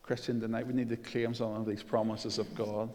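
A man's voice: lowish voice, flat delivery, darkish tone. Man preaching in a reverberant hall. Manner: slow, emphatic scripture reading with rising intensity. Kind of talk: sermon.

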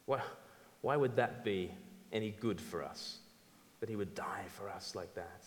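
A man preaching a sermon in an animated, emphatic way, acting out quotes. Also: fairly low pitch, a little slow. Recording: long hall reverb.

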